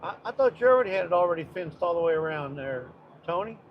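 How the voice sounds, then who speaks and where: A man's voice: high voice, animated, fast talker, lo-fi sound, slight background noise. A man co-hosting a casual live stream from a moving car, joking and bantering with his wife. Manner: joking, chatty banter while driving. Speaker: co-host.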